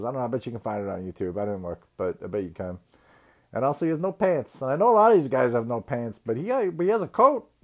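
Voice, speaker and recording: A podcast host launches into a crude, rambling comedic rant in a voice that is a little mellow. He swears constantly and often trails off into low mumbles.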